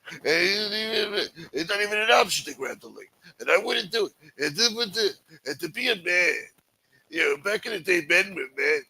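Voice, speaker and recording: A man's voice: animated, moderate pace, sharp tone, breathy edge, heavily acted, low-quality recording. A man putting on the voice of a sentimental old-school mob elder, rambling and wheedling in a raised voice. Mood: pleading. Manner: higher-pitched, rambling and wheedling.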